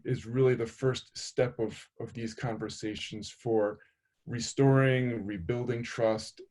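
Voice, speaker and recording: A man's voice: lowish voice, a little mellow. A man psychologist speaking earnestly in a webinar, building his points in lists and then telling a short story. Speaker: psychologist guest. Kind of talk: conversational webinar talk.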